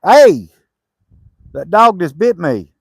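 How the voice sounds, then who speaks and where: A man's voice: a little high, lively intonation, normal speed, no room sound. Laid-back homesteader man, dry sound. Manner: easygoing, laughs often, calls to dogs. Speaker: homesteader building a cabin. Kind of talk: casual chat while working.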